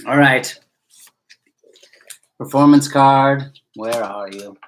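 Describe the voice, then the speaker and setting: A man's voice: mid-range voice, slow, a little hiss or hum. A man joking and teasing himself while playing a party card game with a friend. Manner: joking, self-mocking. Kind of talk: casual game banter.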